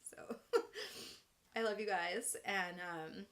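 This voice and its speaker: A woman's voice: mid-range voice, steady tone, takes it slowly. Earnest woman coach talking to camera. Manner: earnest, encouraging, many fillers like "you know" and "like". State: emotional. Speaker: life coach. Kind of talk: heartfelt direct-to-camera talk.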